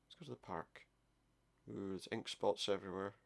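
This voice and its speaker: A man's voice: low-pitched, normal speed, gravelly. A man giving casual commentary while playing a game, muttering his thoughts aloud. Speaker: let's play gamer.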